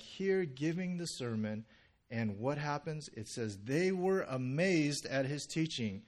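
A male pastor giving a sermon in a loose, conversational way, full of fillers and restarts, and now and then acting out quotes with a sudden burst of energy. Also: mid-range voice.

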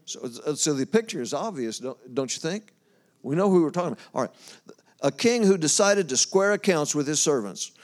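A man's voice: a little high, expressive, brisk. A man preaching a sermon in a casual, folksy way, reading scripture aloud and talking it over with his congregation. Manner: folksy, talks to the congregation, loses his place and laughs.

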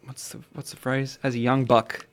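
A man's voice: medium pitch, flat delivery, normal speed. A man hosting a music podcast in a playful, chatty way with jokey asides. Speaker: podcast host. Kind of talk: casual music podcast chat.

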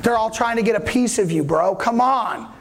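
A man's voice: high voice, moderate pace, natural voice. A man voicing an exasperated, blunt disciple who talks in casual slang.

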